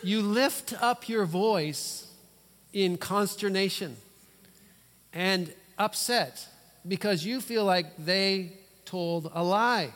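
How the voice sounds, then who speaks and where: A male pastor preaching a sermon in a church, emphatic, with dramatic pauses and sudden loud bursts. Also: high-pitched, long reverb tail.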